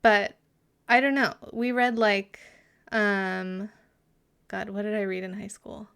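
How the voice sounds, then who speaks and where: Slow-talking woman chatting on a live stream. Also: medium pitch, fairly even intonation, vocal fry, fairly bright tone, clear, resonant tone. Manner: chatty, giggly, muttering asides. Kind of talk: casual live-stream chat.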